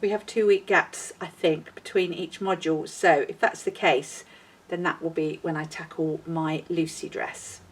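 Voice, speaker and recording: A woman's voice: sits low, fairly even intonation, moderate pace, husky. A woman hosting a knitting podcast, chatting in a rambling and self-deprecating way. She sounds like she is outdoors in a windy garden. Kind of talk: casual chat. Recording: voice a little far from the mic.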